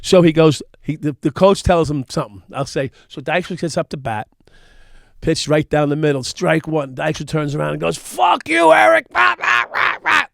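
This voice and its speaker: Middle-aged New man, gravelly, crude animated raconteur, dry close mic. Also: a little high, moderate pace, no echo. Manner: profane, animated storyteller acting out quotes. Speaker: podcast host. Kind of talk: casual storytelling chat.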